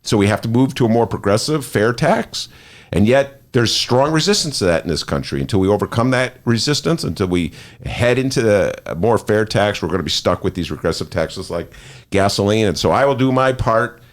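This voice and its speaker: A man with a Chicago accent hosts a talk show from a studio, making his points in an emphatic, argumentative way. His pitch swings widely as he talks. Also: expressive, brisk. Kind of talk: opinionated political talk. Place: podcast studio.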